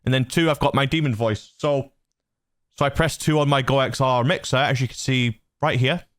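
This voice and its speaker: A man's voice: mid-range voice, a little fast, a bit bright, dry recording, clean studio sound. Man casually walking through his gear. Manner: loose and rambling, lots of fillers and restarts. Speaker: channel host. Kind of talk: casual tutorial walkthrough. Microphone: dynamic studio mic through a mixer.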